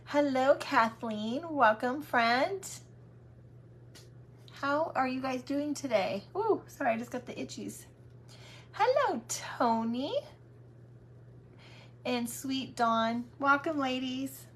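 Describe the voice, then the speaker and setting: Woman, craft host, high voice, chatty, affectionate, casual livestream talk. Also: expressive, slow pace, long pauses, a little hiss or hum.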